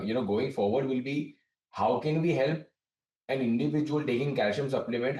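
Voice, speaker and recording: Company director explaining, distant roomy sound. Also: male voice, mid-range voice, darkish tone. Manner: measured, explanatory, frequent restarts. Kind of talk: business interview answers. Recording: distant, roomy remote link.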